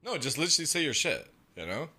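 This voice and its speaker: A young man streaming a game, ranting casually and profanely, and mocking others in quick put-on voices. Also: fairly high pitch, very animated, bright, forceful tone, breathy edge. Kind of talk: casual live-stream rant.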